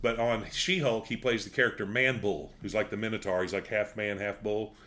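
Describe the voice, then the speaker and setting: A man's voice: lowish voice, steady tone, brisk, fairly bright tone. A middle-aged man, chatting casually and laughing as he tells stories and acts out quotes. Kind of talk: casual chat.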